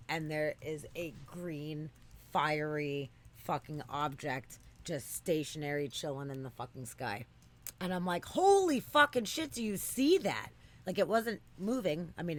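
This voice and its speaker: This animated co-host's voice rests at a typical middle pitch as he tells stories in casual podcast chat. Profanity flows freely, and loud high-pitched outbursts keep giving way to an easy, conversational delivery.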